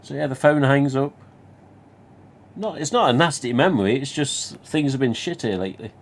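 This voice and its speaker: Nottingham man hosting a home live stream, casual rambling delivery, swears freely, mid pitch. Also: expressive, normal speed. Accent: Nottingham English. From England. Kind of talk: casual storytelling.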